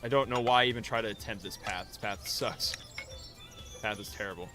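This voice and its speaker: A man's voice: lowish voice, fairly quick. A male streamer giving casual live gameplay commentary, muttering to himself in a self-mocking, frustrated way. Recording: game music behind.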